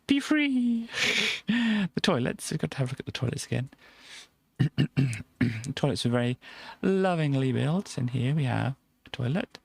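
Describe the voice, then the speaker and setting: A man with a gravelly, fry-edged voice narrates a game tour in a playful, rambling way. He is close and dry on the mic with no room sound. He scatters silly noises through his casual commentary. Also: mid-range voice, darkish tone, no echo. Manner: playful, chatty, drops in silly sound effects. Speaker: streamer.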